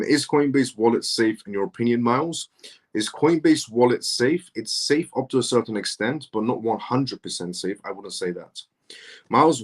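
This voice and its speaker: A man hosting a live stream, reading out viewer comments and answering questions in a casual, repetitive conversational way. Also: mid-range voice.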